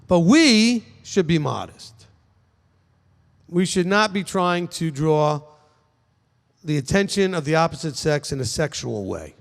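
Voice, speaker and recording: A man's voice: a little high, big-room sound. A man teaching as a rabbi, speaking casually to a congregation and often checking in with "okay?". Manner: conversational, frequent "okay?" check-ins, emphatic. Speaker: rabbi answering questions.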